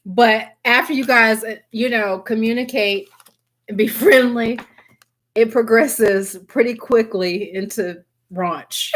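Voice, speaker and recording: A woman's voice: on the high side, slow. A woman reading tarot cards on a live stream, chatty and giggly, addressing her viewers by name. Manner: giggly, keeps breaking into laughter and apologizing. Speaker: tarot reader.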